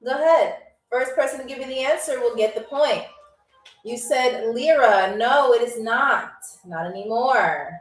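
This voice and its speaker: A high-voiced woman runs a live trivia game, chatty and upbeat, chatting with viewers as she reads their answers. The sound is roomy and a little distant from the mic, with soft music underneath. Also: measured pace. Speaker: game show host. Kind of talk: livestream trivia hosting. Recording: roomy echo, heard from a distance.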